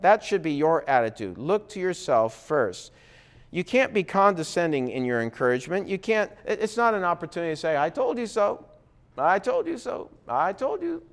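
A man teaching a recorded Bible class in a conversational way, often checking in with his listeners. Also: on the high side. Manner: conversational, frequent "okay?" check-ins.

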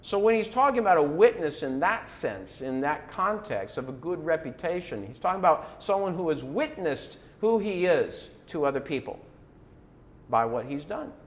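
A middle-aged man preaching in an easygoing, conversational way. His voice sits a little high for a man, and he often checks in with his listeners through rhetorical questions. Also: sing-song, moderate pace. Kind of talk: sermon.

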